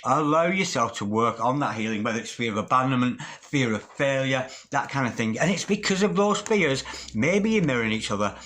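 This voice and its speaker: A man's voice: medium pitch, animated, brisk, fairly bright tone, slight background noise. Man reading tarot, calling you darling. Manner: intimate, calls the listener darling, dramatic asides. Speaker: tarot reader.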